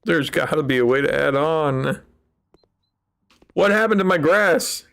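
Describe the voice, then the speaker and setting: A man's voice: a little high, lively intonation, measured pace, vocal fry, a bit bright. A man giving casual let's-play commentary in a rambling, wry way, with mock-dramatic sulking. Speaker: gaming channel host.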